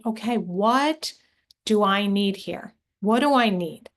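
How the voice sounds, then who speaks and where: A middle-aged woman leading a workshop for moms, speaking in an earnest, encouraging way and putting questions straight to her listeners. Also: on the high side. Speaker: workshop leader and coach for moms. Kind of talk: live online workshop talk.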